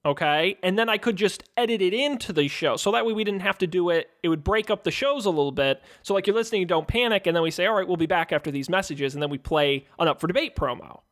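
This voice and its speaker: A man's voice: high voice, fast talker, hardly any pauses, a bit bright. Easygoing man co-hosting a podcast. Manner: easygoing, jokey, plugs shows. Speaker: podcast co-host. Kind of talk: casual podcast chat.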